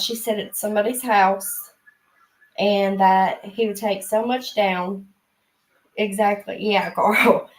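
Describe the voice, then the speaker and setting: A middle-aged woman and mother hosting a casual live stream, chatty and unhurried, with frequent fillers and laughs. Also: medium pitch, low-quality recording.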